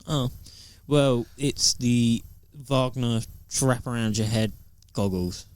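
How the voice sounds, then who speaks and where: A man's voice: medium pitch, takes it slowly, darkish tone, clean tone, dry recording. A man co-hosting a casual podcast, blunt and joking. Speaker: podcast co-host. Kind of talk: casual chat.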